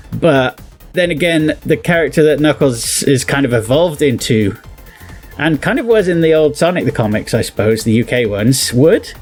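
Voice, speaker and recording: A British man from England, a game developer and video host, gives loose, rambling reaction commentary on slang, laughing often and putting on quoted phrases. His voice is mid-pitched with a darkish tone, and faint music plays underneath.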